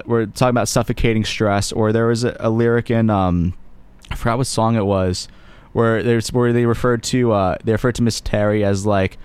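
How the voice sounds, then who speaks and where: A man's voice: medium pitch, darkish tone, clean tone, no room sound. Blunt, swearing young man hosting a podcast. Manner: blunt, swears, quotes lyrics with emphasis. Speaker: podcast host. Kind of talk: casual podcast discussion.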